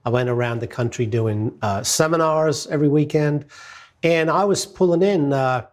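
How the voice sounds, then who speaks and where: A middle-aged man telling a business success story as a lively, anecdotal monologue, acting out the quotes. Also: on the high side, normal speed.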